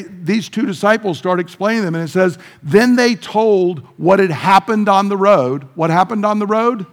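A man teaching a sermon who explains the text step by step and briefly acts out the quoted dialogue. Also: high voice. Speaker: pastor. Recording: long hall reverb.

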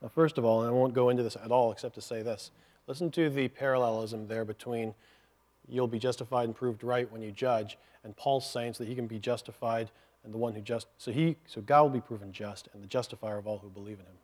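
A man's voice: mid-range voice, fairly even intonation, quick pace, a little mellow. Man preaching an earnest teaching sermon. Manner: earnest teaching, explaining step by step with asides. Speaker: pastor.

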